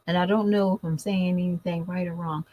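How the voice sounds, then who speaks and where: Woman, casual vlogger mom, animated, chatty, speaks straight to her audience. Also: lowish voice, fairly quick, muffled recording. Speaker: mother vlogger. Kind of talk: casual chat to camera.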